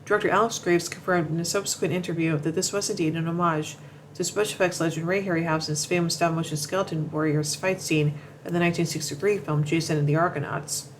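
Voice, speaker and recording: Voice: medium pitch, fairly even intonation, fast, hardly any pauses, slight background noise, low-quality recording. A commentator reading a narration from notes, often stumbling, repeating words and restarting sentences. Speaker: show commentator.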